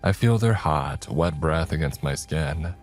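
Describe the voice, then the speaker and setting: A man narrating a scripted horror story in a slow, measured way. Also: a bass voice, expressive. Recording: faint background music.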